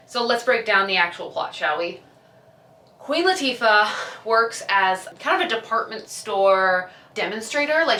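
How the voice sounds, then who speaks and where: A woman's voice: medium pitch, bright, forceful tone, a little hiss or hum. Chatty young woman in an echoey room. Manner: chatty, gushing, acts out characters' lines. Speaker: vlogger. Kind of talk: casual chat. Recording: echoey room, a bit far from the mic.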